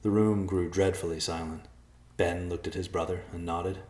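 Deep-voiced man reading a storybook. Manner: calm, measured storytelling. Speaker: narrator. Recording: echoey room.

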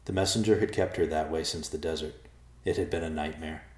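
A man reading a storybook chapter aloud in a steady, measured way. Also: very deep voice. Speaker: audiobook narrator. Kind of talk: scripted storybook narration. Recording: roomy echo.

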